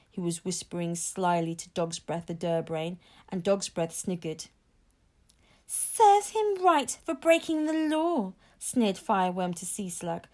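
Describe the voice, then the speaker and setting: A woman reading a children's novel aloud in an expressive, unhurried storytelling manner. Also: mid-range voice. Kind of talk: children's book read-aloud.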